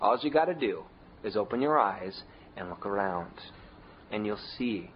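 A man preaching a sermon in a conversational way, leaning hard on key words with big shifts in pitch and volume. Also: lively intonation, normal speed, lo-fi sound, a little hiss or hum. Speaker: pastor.

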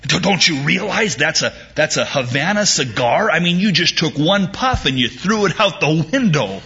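A horrified businessman cries out in a pitch pushed well above the speaker's normal voice, as a preacher acts him out. The tone is husky and bright. The recording is dull and lo-fi. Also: animated, normal speed, heavily acted. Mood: aghast. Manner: aghast, rising to exclamation. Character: horrified male traveling businessman.

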